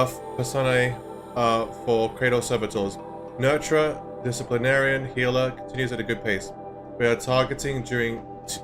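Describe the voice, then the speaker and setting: An Australian man chatting casually on a live game stream, rambling and halting and breaking into giggles. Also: medium pitch. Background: game music.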